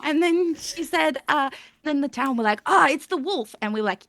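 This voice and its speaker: A woman's voice: high voice, expressive, moderate pace, fairly bright tone, slight background noise. A woman recapping a tabletop game session in a rambling, giggly way, stringing her story together with "and then". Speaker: player recapping the last session. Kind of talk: casual live-stream recap. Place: home streaming setup.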